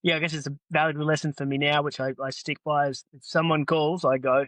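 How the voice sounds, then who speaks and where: A man's voice: a little high, flat delivery, fast talker, fairly bright tone, no echo. A man with an Australian accent, a podcast guest who runs an earthmoving business, telling stories casually and acting out both sides of past conversations. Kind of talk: casual storytelling.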